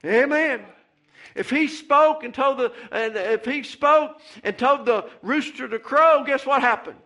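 A man's voice: very high-pitched, a little slow, bright, forceful tone. A man preaching a fervent sermon in church, repeating phrases and calling out "Amen.". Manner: fervent, repetitive, calls out "Amen" and "Hey".

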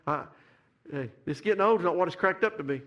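Middle-aged male preacher, sermon cadence, high ringing voice. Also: fast talker, dull audio. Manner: rising to fervent shouted climaxes, repetitive preaching cadence. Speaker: pastor.

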